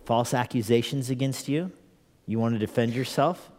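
Male pastor, conversational sermon, mid-pitched, repeats lines for emphasis, echoing hall sound. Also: moderate pace, a little mellow. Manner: earnest, asks the congregation many rhetorical questions; repeats phrases for emphasis, chuckles now and then. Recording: long hall reverb in a church.

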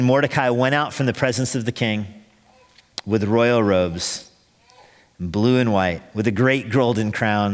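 A man preaches in an easygoing, conversational way and drops in wry asides. His mid-range voice rings out into a long hall reverb, as in a church sanctuary. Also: mid-range voice. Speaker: pastor. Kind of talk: sermon.

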